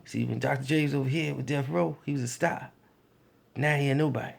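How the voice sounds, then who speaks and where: A man doing a gruff record-label boss impression. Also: fairly even intonation. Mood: menacing. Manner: low mumbling drawl, barking fast when angry.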